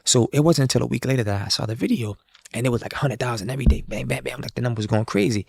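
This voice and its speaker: A man telling a story, quick and gravelly, with a husky edge to his voice. He slips into the voices of the people he quotes as he goes. The sound is close and dry. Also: medium pitch, dry recording. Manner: animated, acts out quoted dialogue. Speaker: guest street musician. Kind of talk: casual storytelling.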